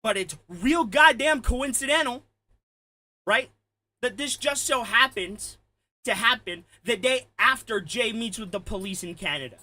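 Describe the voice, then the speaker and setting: A man delivering an angry, profane ranting commentary, heated and shouting at times. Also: very high-pitched, a little slow, no room sound. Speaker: commentary streamer.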